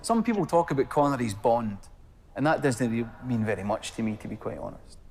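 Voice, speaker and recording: A man's voice: mid-range voice, lively intonation, a little fast, darkish tone, faint music behind. A man in an interview, talking bluntly and in a laid-back way. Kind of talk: casual interview talk.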